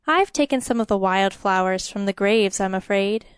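A woman's voice: mid-range voice, animated, moderate pace, smooth, dry recording, studio quality, natural voice. A woman voicing a playful, teasing young village woman with a lilting voice.

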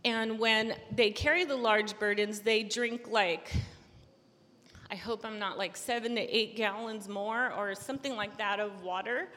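A woman's voice: mid-range voice, unhurried, pushed and bright, in a large hall. A young woman giving a casual devotional talk, earnest and chatty, with frequent restarts and filler words. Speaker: Christian speaker.

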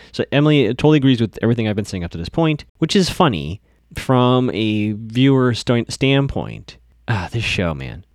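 A man's voice: medium pitch, no echo, clean studio sound. Chatty man recapping a TV episode. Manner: chatty, digressive, many fillers and restarts. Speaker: podcast host recapping a TV episode. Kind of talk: casual recap podcast.

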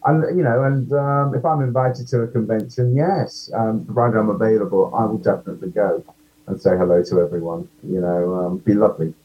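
A man's voice: on the low side, steady tone, brisk, dull audio. A man, an actor guest, chatting casually in an interview, self-deprecating and full of ums.

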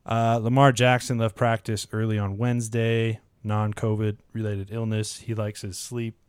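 A fantasy football podcast co-host with a low, smooth, clear voice goes through matchups in a steady, measured way, reading odds and injury news. He sounds close to the mic in a dry, dead room with no echo, in casual podcast chat.

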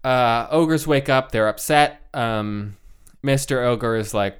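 A man's voice: mid-range voice, slow, smooth. A man casually retelling a fairy tale with wry humor, using fillers, as a podcast co-host. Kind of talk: casual comedic storytelling.

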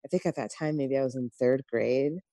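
Low-voiced woman hosting a chat. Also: a little fast, mellow, no room sound. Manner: friendly, encouraging facilitator. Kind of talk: casual group chat.

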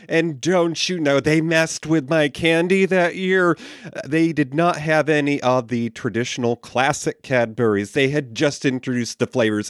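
A man co-hosting a film podcast, telling stories in a lively, animated way. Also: on the high side, measured pace, clean tone, no room sound, studio quality. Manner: lively storytelling, animated rises. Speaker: podcast co-host. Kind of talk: casual chat.

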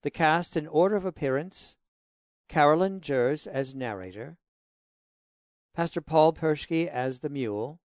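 A man announcing the closing credits of an audio drama in a plain, steady way. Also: fairly high pitch, a little slow, no echo, clean studio sound.

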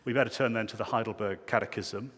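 A male pastor preaching a sermon in a church, emphatic, swinging between loud declarations and hushed low phrases. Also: fairly even intonation, fast talker, in a large hall, a little hiss or hum.

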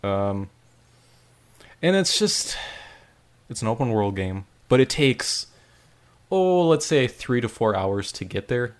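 A man chatting casually about a video game, rambling with lots of "like" and animated retelling. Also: lowish voice, unhurried. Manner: rambling, frequent "like", animated storytelling. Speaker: podcast co-host reviewing a game. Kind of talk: casual chat.

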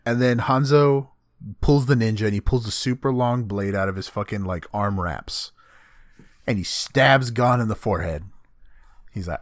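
A man's voice: medium pitch, normal speed, a bit bright, no echo, clean studio sound. A man casually recapping an anime episode with a friend, swearing often and acting out the characters' lines.

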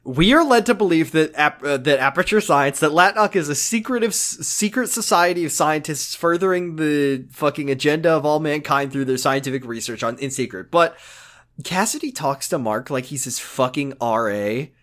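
Brief: man, casual recap chat, lively, profane, does bits of character voices. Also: fairly high pitch, normal speed. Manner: animated, swears often, acts out characters.

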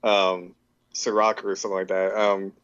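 A man co-hosting a casual movie podcast, talking in a relaxed way and laughing as he retells his favorite scenes. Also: sits low, normal speed, clean tone, muffled recording. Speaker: podcast co-host. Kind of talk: casual chat.

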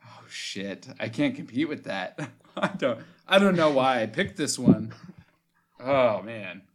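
A man's voice: mid-range voice, expressive, takes it slowly, background noise. A man co-hosting a podcast, playful and goofy in a casual chat, laughing often. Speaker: podcast co-host.

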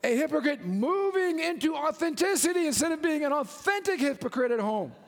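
Man, pastor, lively joking sermon, high voice, hall echo. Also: fairly quick, vocal fry. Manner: animated, joking, calls out to congregation.

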